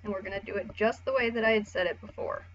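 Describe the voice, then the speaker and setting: A woman casually explaining how to draw expressions, chatty and relaxed, with the odd swear. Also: medium pitch, fast, dull audio. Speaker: art tutorial host. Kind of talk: casual drawing tutorial.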